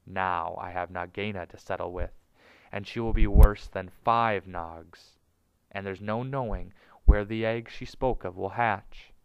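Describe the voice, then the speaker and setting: A man reading aloud, voicing a brave, brisk male mongoose in a low, determined tone. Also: smooth, no echo, poor audio.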